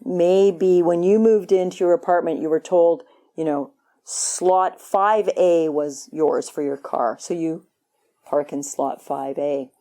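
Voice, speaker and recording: A woman's voice: fairly low pitch, slow pace, warm tone. A woman meditation teacher giving a conversational, playful dharma talk at a retreat, acting out quoted voices. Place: retreat hall.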